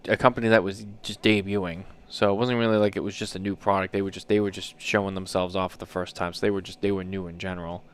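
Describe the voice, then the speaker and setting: A man's voice: lowish voice, clear, resonant tone. A man in his thirties co-hosting a podcast, telling stories in a loose, rambling way with lots of fillers. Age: 30s. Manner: rambling storyteller, many fillers. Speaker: podcast co-host. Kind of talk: casual chat.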